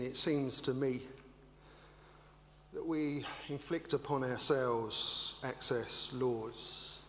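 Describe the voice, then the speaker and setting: An older man, an English minister, preaching a sermon with animated, rhetorical storytelling. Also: medium pitch. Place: church. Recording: echoey church hall with hum.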